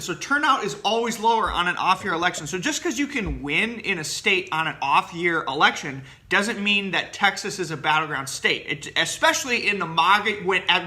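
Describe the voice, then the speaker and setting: A man talks to his class in loose, casual commentary, blunt and opinionated, circling back with fillers and false starts. His voice sits high for a man and has a very sharp, cutting edge. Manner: rambling, many fillers and restarts; blunt, opinionated, laughs at his own jokes. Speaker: professor.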